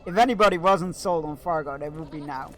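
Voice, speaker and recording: A man streams a video game and chats casually to his viewers. He rambles and uses lots of fillers, in a fairly high voice. A faint noise sits behind him. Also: fairly quick, a bit bright. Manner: rambling and chatty, with many fillers. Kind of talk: casual chat while gaming.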